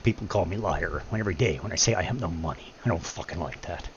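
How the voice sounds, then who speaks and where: Male streamer, low and gravelly, emotional and blunt, dull stream mic with faint hiss. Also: fast talker. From Canada. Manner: candid, emotional, swears often. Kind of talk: casual chat. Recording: lo-fi stream audio with faint noise.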